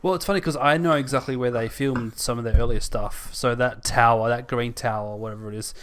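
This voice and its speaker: An Australian man co-hosting a podcast, chatting in a relaxed, laid-back way. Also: medium pitch, fairly quick, slight background noise. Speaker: podcast co-host. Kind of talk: casual chat.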